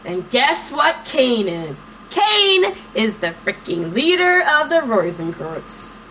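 A woman's voice: a little high, big pitch swings, slow pace, bright, forceful tone, a little hiss or hum, low-quality recording. Rambling woman recapping a story, swearing freely. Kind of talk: casual chat, recapping a series.

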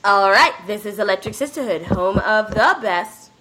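A woman's voice: medium pitch, lively intonation, moderate pace, bright, forceful tone. A woman hosting a podcast in casual banter, joking and directing her co-hosts. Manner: bossy, joking, directs the takes. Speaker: podcast host.

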